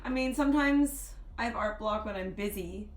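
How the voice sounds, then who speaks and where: A woman talking as a guest illustrator in a casual chat, relaxed and reflective, with lots of "like". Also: mid-range voice, moderate pace. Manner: relaxed, reflective, chatty with frequent "like". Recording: echoey room with faint background music.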